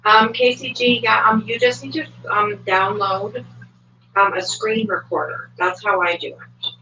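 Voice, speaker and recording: A woman streamer chatting casually on a home livestream, loose and full of fillers, cursing freely. Her voice is bright and a bit sharp. She sits back from the mic in an echoey room, and the audio sounds dull and thin. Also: medium pitch, steady tone, measured pace, far from the mic, slight background noise. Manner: chatty, swears, many fillers. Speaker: livestream commentator. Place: home, moves between desk and kitchen. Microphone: desk microphone, at times far from it.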